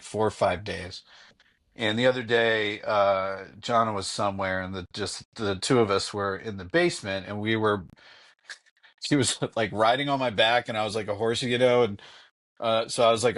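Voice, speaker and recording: Rambling dad telling home stories. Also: male voice, lowish voice, fairly bright tone. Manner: rambling, filler-heavy anecdotes. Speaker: guest, father. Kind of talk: casual storytelling. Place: home basement.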